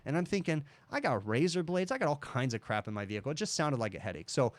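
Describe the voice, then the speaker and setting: A man's voice: a little high, very animated, fast, dry recording. A man hosting a casual livestream, telling a long story in a rambling way and often checking in with "okay?". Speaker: livestream host, HVAC technician.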